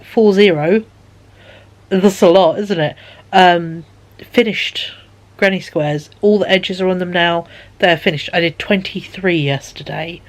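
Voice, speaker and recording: A woman chatting casually in a vlog, rambling with many fillers and sounding tired and yawning. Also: on the low side. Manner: rambling, lots of fillers and repeated "he said". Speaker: vlogger.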